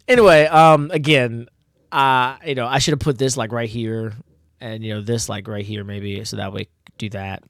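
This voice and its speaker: A man's voice: medium pitch, moderate pace, no echo. A man casually reading through his own old comic, laughing a lot and poking fun at himself with many fillers. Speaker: comic artist reviewing own old work.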